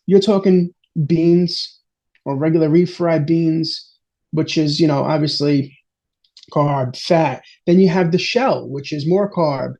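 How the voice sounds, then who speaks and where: A man being interviewed, telling family stories in an animated, exasperated way with frequent restarts. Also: a little high. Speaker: interview guest. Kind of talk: casual storytelling interview. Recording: dull lo-fi audio.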